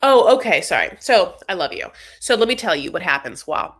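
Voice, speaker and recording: A woman's voice: lowish voice, sing-song, a little fast, a bit bright. Rambling woman host, full of fillers. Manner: rambling, filler-heavy, acts out quotes in funny voices. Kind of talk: casual chat recapping a reality show.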